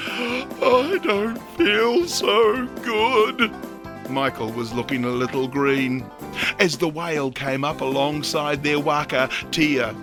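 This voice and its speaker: A man telling a children's story in a playful, expressive way. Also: on the high side. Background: background music.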